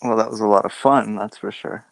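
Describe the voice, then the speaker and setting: A man appearing as a guest on a live stream, speaking in a hesitant, halting way. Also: fairly low pitch, fairly even intonation, vocal fry, no echo. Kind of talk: casual chat.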